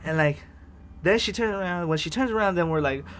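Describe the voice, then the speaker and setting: A vlogger tells a rambling personal story in a casual way, swearing freely, restarting sentences, and laughing often. His voice sits high and a bit bright, a little fast, with some hiss or hum in the audio.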